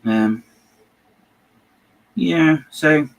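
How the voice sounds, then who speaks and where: A man's voice: on the high side, very slow, creaky, rough recording. A man hosting a building channel, chatting casually and rambling as he works, often trailing off and muttering to himself. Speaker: LEGO building channel host. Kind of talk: casual chat while building.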